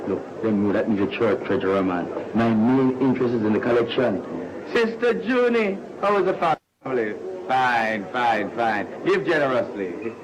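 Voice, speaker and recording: A man's voice: mid-range voice, expressive, moderate pace, close to an everyday voice. A man with a Jamaican accent playing a scheming male church treasurer, chummy and wheedling, with chuckling asides, in an old sitcom clip. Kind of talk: sitcom acting. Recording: noisy old TV recording.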